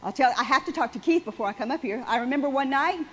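A woman's voice: high-pitched, expressive, fast, slightly rough, dull audio. A woman preaching a conversational sermon to a congregation, repeating phrases for emphasis. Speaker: church speaker.

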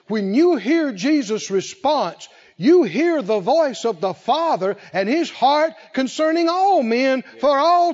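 High-voiced, animated male preacher. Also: dull audio. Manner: animated, laughing, acts out scenes in voices. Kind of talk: sermon. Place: church service with congregation.

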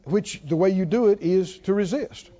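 A man preaching a sermon, swinging between hushed warnings and hollered lines and acting out a tempter's whisper. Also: sits high, normal speed, highs cut off.

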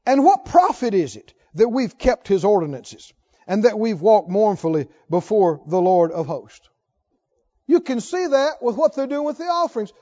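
Man preaching a sermon, very high voice, rising to shouts, dull lo-fi recording. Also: very animated, measured pace. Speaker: pastor.

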